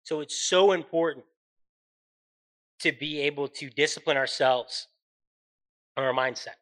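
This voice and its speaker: Bright-voiced man hosting an earnest faith podcast. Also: a little high, measured pace, low-quality recording. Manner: earnest, encouraging, often asks "right?". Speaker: podcast host. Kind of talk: faith-based motivational podcast talk.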